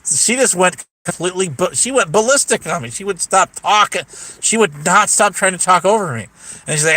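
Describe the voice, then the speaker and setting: A man's voice: sits high, expressive, normal speed, pushed and bright, no echo. A man ranting casually to his live chat as a stream host, swearing freely and telling a story with mocking impressions. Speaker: YouTube livestream host.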